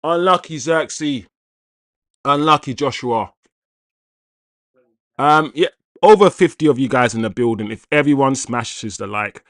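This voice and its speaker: Excitable man hosting a watchalong. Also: mid-range voice, a little slow, long pauses, dry recording. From Jamaican heritage. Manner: excitable, shouts out viewers, reacts to play. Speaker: football watchalong host. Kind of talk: live match commentary and chat.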